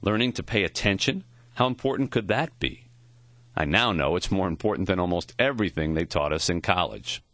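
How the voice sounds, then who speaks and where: Deep-voiced male audiobook narrator. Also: lively intonation, fairly quick, fairly bright tone, dry recording. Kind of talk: scripted narration.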